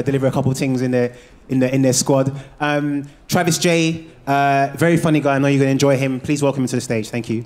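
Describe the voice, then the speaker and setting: A man hosting a live show, introducing the next act in a loose, quick way. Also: mid-range voice, a little mellow. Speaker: show host. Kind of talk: introducing acts on stage.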